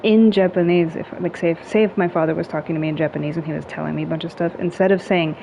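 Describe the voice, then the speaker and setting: A woman in a casual chat, talking in a relaxed, chatty way with many "like"s and little humming sounds. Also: fairly low pitch, quick pace, vocal fry. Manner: relaxed, chatty, heavy use of "like" and hums; playful with tone, acting out little sounds. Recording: dull lo-fi sound with faint noise.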